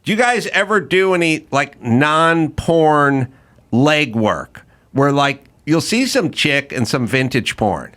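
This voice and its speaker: A man hosting a casual podcast, riffing and musing aloud in an animated way. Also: on the high side, slow pace. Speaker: podcast host.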